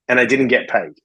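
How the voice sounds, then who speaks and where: A man's voice: mid-range voice, bright, forceful tone, husky, rough recording. Blunt, swearing man telling stories. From Australia. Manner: blunt, swears freely, acts out quoted dialogue. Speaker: podcast guest, interventionist. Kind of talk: casual interview storytelling.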